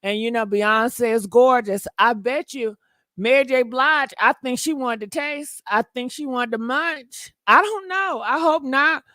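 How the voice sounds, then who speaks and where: A woman's voice: high voice, a little slow, bright, forceful tone, dry recording. A woman hosting a gossip channel, chatting dramatically straight to her viewers with lots of exclamations. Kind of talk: casual gossip commentary.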